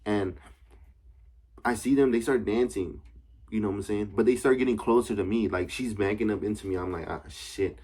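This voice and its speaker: Young man, low-ish voice, casual story time, slangy, rambling, swears a lot. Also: a little fast, darkish tone, breathy edge. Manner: slangy, rambling, profane, keeps asking "you know what I'm saying". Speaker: vlogger.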